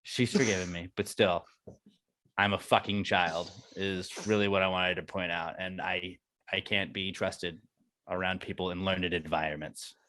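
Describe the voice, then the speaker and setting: A man's voice: low-pitched, little pitch movement, normal speed, sharp tone, slight background noise. A man in his thirties co-hosting a podcast, telling a rambling, self-mocking story and swearing freely. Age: 30s. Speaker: podcast co-host. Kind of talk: casual chat.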